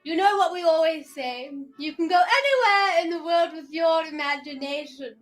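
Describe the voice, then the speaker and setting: A woman's voice: very high voice, a little slow, a bit bright, soft background music. Woman putting on a hammy showy host voice. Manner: hammy, theatrical show-host delivery. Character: young woman host putting on a London-style voice. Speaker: children's show host.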